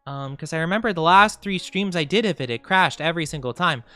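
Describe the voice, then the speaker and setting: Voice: medium pitch, lively intonation, fairly quick, pushed and bright, faint music behind. A live streamer in casual chat with viewers, rambling and thinking aloud with lots of fillers.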